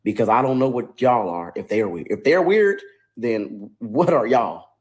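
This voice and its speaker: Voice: medium pitch, lively intonation, a little slow, darkish tone. A commentator mocking in sarcastic commentary, firing rhetorical questions.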